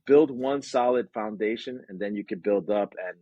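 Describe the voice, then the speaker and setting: A man answering interview questions about his business, energetic and lively, acting out quotes and sound effects. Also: lowish voice, normal speed, no room sound, highs cut off. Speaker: branding agency owner.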